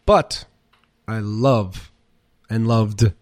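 A man's voice: fairly low pitch, very slow, dry recording, clean studio sound. A middle-aged man, a chef and restaurant owner, telling rambling stories in a casual interview, full of fillers and the odd curse. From United States. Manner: rambling, animated, swears, many fillers.

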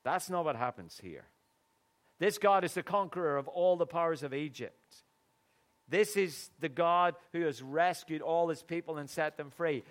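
A man's voice: a little high, moderate pace. A middle-aged man preaching a sermon in an earnest, conversational way, with sudden emphatic bursts.

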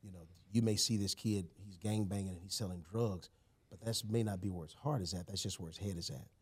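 A man, a podcast guest telling a personal story in casual conversation, animated and emphatic, often saying "you know" and "man". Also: lowish voice, a little fast, husky.

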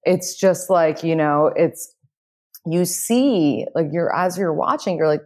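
Low-voiced outgoing woman guest. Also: slow pace, a little mellow. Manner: outgoing, confident, frequent "like" fillers. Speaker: guest, dating expert. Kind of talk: casual conversation.

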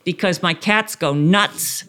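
Host woman, casual chat, lively anecdote teller. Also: fairly low pitch, slow pace. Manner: lively animated storyteller.

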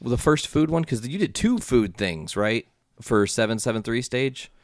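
A podcast host in casual chat who reacts with quick interjections. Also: mid-range voice, lively intonation, no room sound, clean studio sound.

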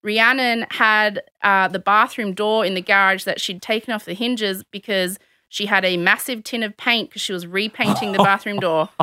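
Brief: Australian woman, chatty storyteller, bright forward tone, dry close sound. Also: medium pitch, moderate pace, smooth, no echo. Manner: animated, acts out quotes of others. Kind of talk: casual storytelling chat.

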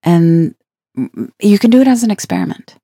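A woman's voice: medium pitch, big pitch swings, a little fast, warm tone, no room sound, clean studio sound. A woman giving a reflective spiritual self-help talk, earnest and playful, laughing now and then between her points.

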